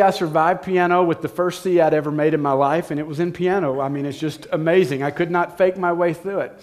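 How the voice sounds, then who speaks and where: Male pastor, middle-aged, chatty sermon storyteller, a little high. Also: a little mellow. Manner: conversational storytelling, addresses listeners directly.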